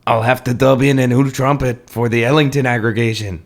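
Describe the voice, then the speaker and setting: A man's voice: medium pitch, steady tone, brisk, close to an everyday voice. A man doing a jittery, exaggerated fake French accent for a small, always nervous man in a comedic dramatic reading.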